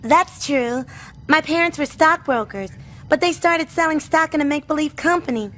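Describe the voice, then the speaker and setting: An actress voicing a polite, slightly posh young girl in an animated sitcom. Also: sits high, moderate pace, faint music behind. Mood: sweet. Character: sweet, prim young homeless girl from uptown.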